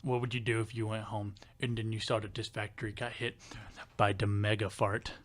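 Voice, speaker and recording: A man doing a deep-voiced country factory worker. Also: lightly acted. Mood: deadpan. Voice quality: deep, slow, deadpan.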